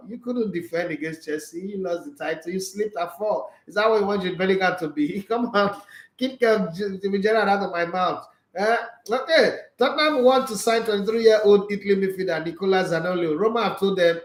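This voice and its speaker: A man's voice: high voice, brisk, reverberant. A Nigerian man reading football transfer news aloud with opinionated asides and jokes slipped into pidgin. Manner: opinionated, joking asides in pidgin, laughs often. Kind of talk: casual chat reading and reacting to news.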